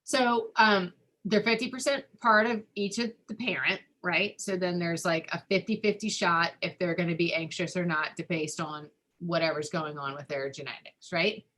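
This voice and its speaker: A woman therapist talks a group through an exercise in a loose, conversational way, leaning often on "like" and "um." Her voice sits a little low for a woman. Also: steady tone, moderate pace, fairly bright tone. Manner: talks through ideas with frequent "like" and "um" fillers. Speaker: family therapist. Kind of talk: explanatory webinar talk.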